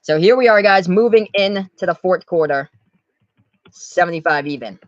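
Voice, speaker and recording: A man from the US Northeast giving live play-by-play commentary on his stream, calling the score briskly and talking to his chat. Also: high-pitched, expressive, dry recording, lo-fi sound.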